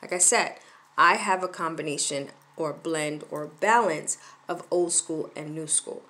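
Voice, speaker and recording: A woman's voice: low-pitched, unhurried, bright, forceful tone. A middle-aged woman giving parenting advice in casual talk to the camera, firm and emphatic, and she repeats her points.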